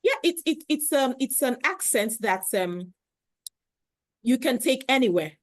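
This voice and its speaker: A woman's voice: sits high, big pitch swings, measured pace, no room sound. Woman coach explaining speech stuff, careful, repeats herself for clarity, dry close sound. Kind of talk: explanatory conversation.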